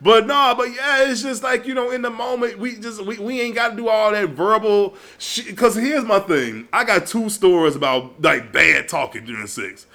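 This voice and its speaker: A man telling stories in a casual comedic monologue, animated and profane, often breaking into laughs. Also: high-pitched, normal speed, hardly any pauses. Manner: animated, profane, loud storytelling with frequent laughs.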